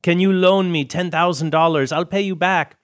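A man voicing a smooth-talking male con man begging for a loan, his voice raised and pleading. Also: sits high, fairly even intonation, moderate pace, pitched above the performer's own voice, natural voice.

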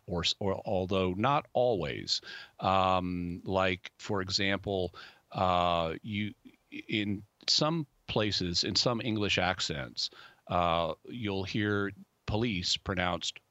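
A man serves as guest expert on a radio show, explaining ideas carefully and thoughtfully. He pauses often with um and uh. His voice is low-pitched but bright and forceful, and it sounds dry and close to the mic. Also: no room sound, dull audio.

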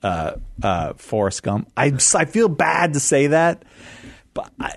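A man's voice: on the high side, very animated, a little slow, vocal fry, no echo, studio quality. A man co-hosting a call-in radio show, easygoing, stammering a little as he talks. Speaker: radio co-host.

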